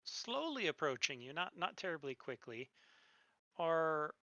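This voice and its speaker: Bright-voiced game master setting a scene. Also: mid-range voice, sing-song, no echo, muffled recording. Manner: unhurried, descriptive scene-setting. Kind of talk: narrating a tabletop game.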